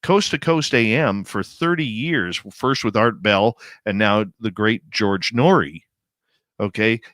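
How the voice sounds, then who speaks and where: A man's voice: on the low side, slow, a bit bright, dry recording. A man hosting a radio talk show, speaking in emphatic, opinionated bursts. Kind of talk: casual radio interview chat.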